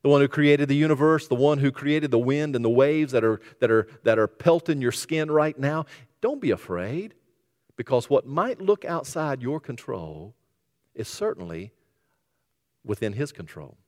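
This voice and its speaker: Pastor preaching in a reverberant hall. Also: male voice, medium pitch, expressive, moderate pace. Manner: storytelling, dropping to a hushed voice for quotes. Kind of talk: sermon.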